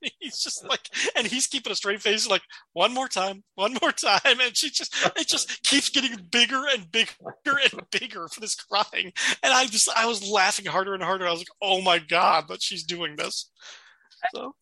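A man hosting a podcast, chatty and loose, laughing often as he acts out quotes. His voice is very bright and a little high, and the sound is dry and close. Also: moderate pace, dry recording. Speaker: podcast host. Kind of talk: casual chat.

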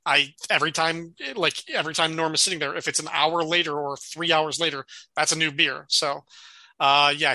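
A man's voice: a little high, sharp tone, no echo. A man hosting a podcast in casual chat, talking loosely, laughing often and acting out quoted lines. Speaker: podcast host.

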